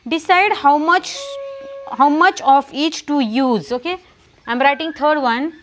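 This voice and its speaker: A teacher with a Marathi accent runs a classroom lesson, asking the same questions again and again and spelling words out letter by letter. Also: female voice, sits high, unhurried, a bit bright.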